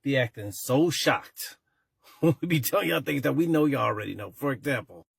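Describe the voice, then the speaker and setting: A young man tells comic classroom stories with lots of energy and quick switches into other voices. His voice sits at an ordinary middle pitch. The sound is dry and close, with no room echo. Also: creaky, slightly rough. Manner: animated, switches between narration and acted kid and parent voices. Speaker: comedy sketch creator playing a teacher. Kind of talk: comedic sketch storytelling.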